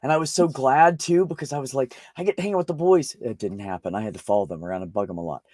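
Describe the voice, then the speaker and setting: A man's voice: mid-range voice, fast, darkish tone, no room sound. Man, casual chat, swearing storyteller, dry close sound. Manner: swearing, storytelling, rambling with restarts.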